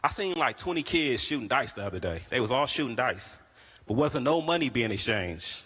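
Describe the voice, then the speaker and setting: A young stand-up comedian from the Bay Area with a bright, forceful voice. He tells stories animatedly and jumps his pitch up to act out his friends' lines. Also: big pitch swings, fairly quick, slightly rough, big-room sound. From Bay Area, California.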